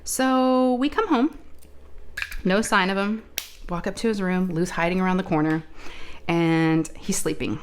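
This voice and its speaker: A woman with a slightly low voice chats casually to her viewers, retelling a family story. She talks in a loose, animated way, full of fillers and side remarks, like a crafting host catching up with her audience. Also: measured pace, pauses often, slight background noise. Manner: chatty, animated retelling with many asides and fillers.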